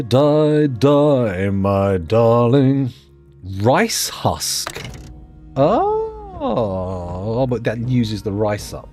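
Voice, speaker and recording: A man's voice: fairly low pitch, a little mellow. Guy muttering jokes to himself while playing a game, voice jumps up and down a lot. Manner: rambling, jokey, muttering asides to himself. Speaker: let's play host. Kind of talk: gameplay commentary.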